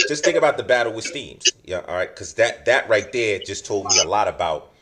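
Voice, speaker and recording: Rambling New man, lively pitch. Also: brisk. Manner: rambling, full of restarts and fillers. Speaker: podcast host. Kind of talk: casual chat. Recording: noisy background hiss.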